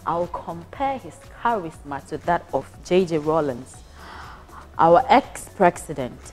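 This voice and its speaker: A young Ghanaian woman casually recounting her hospital stay as a patient, animated and prone to restarts. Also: fairly low pitch, a little slow, faint music behind. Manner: animated, acts out voices, frequent restarts. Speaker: patient giving a testimonial. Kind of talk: casual storytelling.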